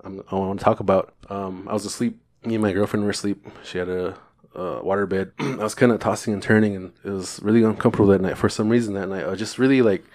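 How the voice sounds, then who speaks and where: A man telling a personal story on a podcast as a guest, animated and loose, swearing and stumbling over fillers and restarts. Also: on the low side, fast. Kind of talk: casual storytelling.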